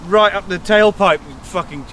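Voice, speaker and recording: A man's voice: sits high, moderate pace, slight background noise. A man playing a drunk, dishevelled businessman in a park, hurling slurred, belligerent insults. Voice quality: slurred, belligerent, shouting bursts.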